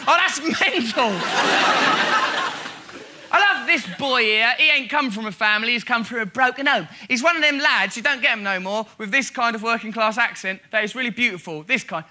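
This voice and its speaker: A man's voice: very high-pitched, animated, normal speed, background noise. A man giving mocking, theatrical comic commentary, often laughing through his lines. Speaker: comedy host. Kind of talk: comic commentary on archive clips.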